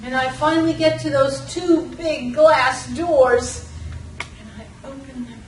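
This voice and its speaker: An older woman from Massachusetts performing a personal story live, animated and slipping into voices and bits of song. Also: high-pitched, slow pace. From Lawrence, Massachusetts. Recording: roomy, distant from the mic, faint room noise.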